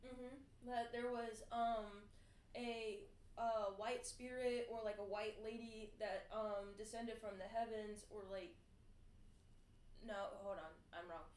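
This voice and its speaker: A woman co-hosts a casual podcast, reading out fun facts with plenty of fillers and laughter. Her voice is fairly high and a little mellow, with fairly even intonation, and she takes it slowly. The room is echoey, with faint noise.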